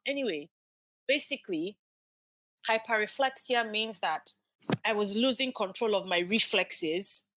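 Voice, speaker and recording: A woman's voice: a little high, moderate pace, no room sound. A woman in her thirties, a podcast guest, telling an emotional birth story and acting out the dialogue. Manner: animated, acts out quoted dialogue.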